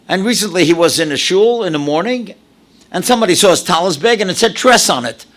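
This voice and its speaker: A man in his seventies from New York, a rabbi telling stories in a dramatic, animated lecture. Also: high-pitched, fast. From New York, USA. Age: 70s. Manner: animated, dramatic storyteller with sudden drops and exclamations. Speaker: rabbi, speaker. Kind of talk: storytelling lecture to an audience.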